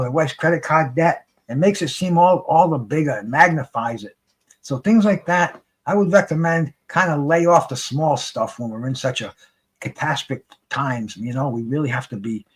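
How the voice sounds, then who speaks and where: A man casually commenting on a live boxing fight as a streamer, rambling and excitable, swearing freely and restarting his sentences. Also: on the high side, breathy edge.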